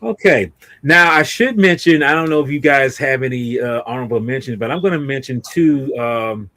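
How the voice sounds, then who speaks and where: A man's voice: mid-range voice, normal speed, pushed and bright, no echo. Rambling male livestream host, dry sound. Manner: rambling, many restarts and fillers. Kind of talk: casual livestream chat.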